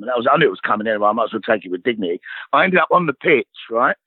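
A man's voice: medium pitch, lively intonation, very fast, slightly rough, no room sound, phone-quality sound. A man with a South East London accent, telling stories in casual chat as a guest, swearing freely and calling people mate.

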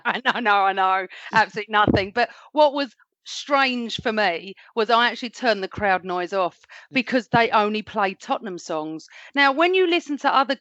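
A woman co-hosting a football fan talk show, telling animated stories and laughing as she goes. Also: medium pitch, moderate pace, no room sound. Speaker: football podcast co-host. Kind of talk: casual fan chat. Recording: dull lo-fi audio.

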